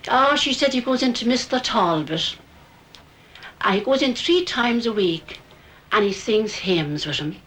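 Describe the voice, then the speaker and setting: An older woman, telling a memory in an animated way and acting out the voices. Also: a little high, measured pace, rough recording. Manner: animated, acts out quotes. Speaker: local woman recalling. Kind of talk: storytelling reminiscence.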